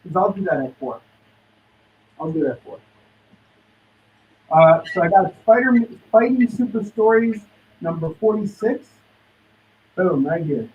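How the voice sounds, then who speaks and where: A man hosting a live comic sale, his fairly high voice running quick sales patter. He sounds a bit away from the mic, and the stream audio is dull and lo-fi with faint noise behind. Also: animated, distant mic. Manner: hyped, hustling salesman patter.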